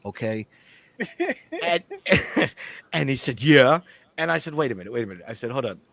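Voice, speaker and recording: A man telling a story in casual chat, swearing freely and acting out the dialogue with lively energy. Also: medium pitch, moderate pace, gravelly, no room sound. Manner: animated, profane, acts out the dialogue. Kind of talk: casual storytelling among friends.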